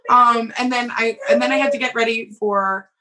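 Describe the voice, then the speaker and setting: A woman's voice: a little high, steady tone, normal speed, sharp tone. A woman in her thirties telling a story in casual chat, laughing often as she goes.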